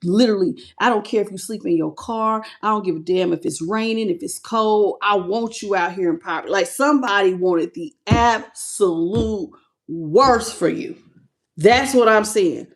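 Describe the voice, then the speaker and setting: A woman reading tarot cards live, talking to her viewers and greeting them by name, with emotion and a casual way of speaking. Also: on the high side. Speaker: tarot reader.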